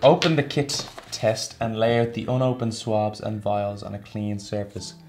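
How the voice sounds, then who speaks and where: A man's voice: fairly low pitch, level tone, moderate pace, very noisy. A young man with an Irish accent, chatting casually on camera with dry, wry humor. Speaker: contributor taking a test.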